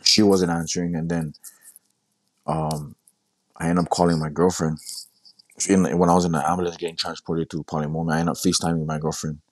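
A young man with a very deep voice recounts his story in a halting, repetitive way and keeps quoting himself. The sound is dry and close, with no room around it. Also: flat delivery, dry recording. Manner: halting, repeats words, quotes himself. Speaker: guest sharing his story. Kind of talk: casual storytelling.

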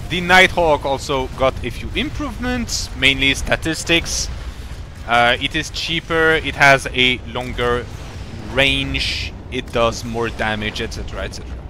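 A man's voice: medium pitch, animated, slow pace, pushed and bright, slight background noise. A man commentating a strategy game live, explaining in a rambling, playful way with many fillers and restarts. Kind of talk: casual live-stream commentary.

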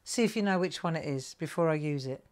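A woman's voice: deep voice, lively intonation, fast, darkish tone. A middle-aged woman hosting a live crafting tutorial, chatting to viewers and thinking aloud as she colours. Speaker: craft host.

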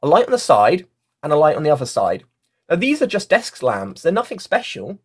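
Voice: mid-range voice, wildly swooping pitch, fairly quick, husky. A workshop facilitator giving a casual online lesson, talking into a mic with a fluffy cover and often using fillers like "like" and "you know". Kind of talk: casual online workshop teaching, reading out chat comments. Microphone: mic with a fluffy foam cover.

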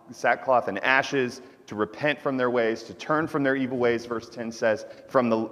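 A man of middle pitch preaches in a relaxed, conversational style, often tossing quick asides to his listeners. His voice carries a long church reverb, as if picked up in the sanctuary during a service. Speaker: pastor. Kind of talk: sermon.

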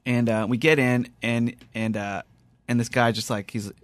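This podcast host, mid-range and moderately paced with no echo, tells a long, wandering tale in a relaxed chat. He starts over repeatedly and performs the dialogue with lively energy.

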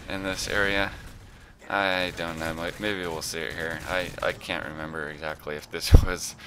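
Young dude narrating his gameplay, low voice but bright and punchy, kinda rambly, faint room hum behind. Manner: rambling, self-mocking, lots of filler and cursing. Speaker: gameplay commentator. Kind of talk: casual game commentary.

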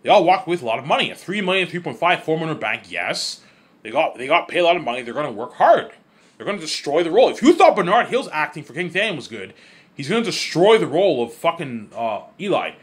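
A man rambles at speed in a lively, sing-song voice that sits a little high for a man. He repeats himself, trips over words and swears freely as he gets carried away. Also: quick pace. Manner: excitable, repetitive, swears freely; stumbles and restarts often. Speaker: vlogger. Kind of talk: casual rambling monologue.

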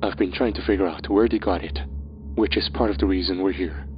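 A man voicing the Horseman of Death, a calm and knowing male figure, speaking in a hushed, level way. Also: low voice, brisk, dull audio, slight background noise, lightly acted.

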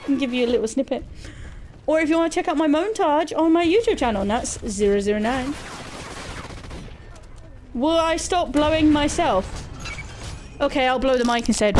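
A woman's voice: high voice, animated, normal speed, pauses often, darkish tone, a little hiss or hum. Giggly, crude young woman. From Britain. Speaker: gaming livestreamer. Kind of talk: casual chat answering viewer questions.

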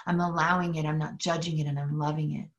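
On a muffled recording, a deep-voiced woman talks fast in a level tone. She is a spiritual workshop leader running a guided session from a mountain home, intimate and sincere, cursing openly while leading prayer in call and response.

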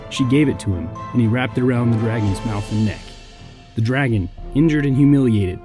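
A man narrating a legend as a podcast storyteller in an even, scripted delivery. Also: fairly low pitch, husky, no room sound.

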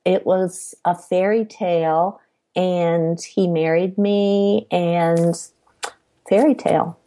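A middle-aged woman, a podcast guest, recounting her life in a measured storytelling way. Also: on the low side, steady tone, warm tone. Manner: measured, acts out quoted dialogue. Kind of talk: personal storytelling.

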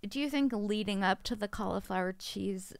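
A woman guest on a comedy podcast, joking along with quick, giggly interjections. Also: mid-range voice, vocal fry, clean tone, no echo. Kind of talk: casual comedy podcast chat.

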